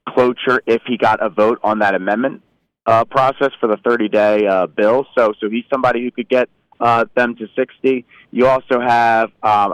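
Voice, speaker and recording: A man's voice: medium pitch, clean tone, no room sound, poor audio. A man giving political analysis as a news correspondent, rambling with many fillers.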